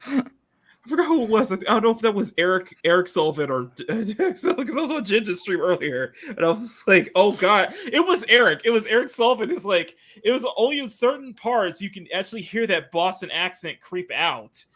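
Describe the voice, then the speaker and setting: A man's voice: high voice, brisk. A man from Texas hosting a live stream, chatting casually and laughing a lot between his sentences. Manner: giggly, animated. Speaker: streamer host. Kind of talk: casual chat.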